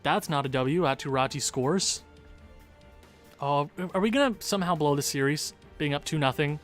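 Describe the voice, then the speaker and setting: A man's voice: a little high, normal speed, faint music behind. A man commentating his own hockey video game stream live, groaning and cheering at each goal, his voice wearing out. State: losing his voice. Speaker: gaming streamer.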